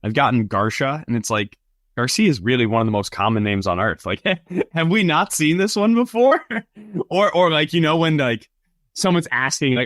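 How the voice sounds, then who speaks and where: A man hosting a sports podcast in casual chat, chatty and quick with asides and laughs. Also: mid-range voice, lively intonation, fairly bright tone, no room sound, studio quality. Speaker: podcast host.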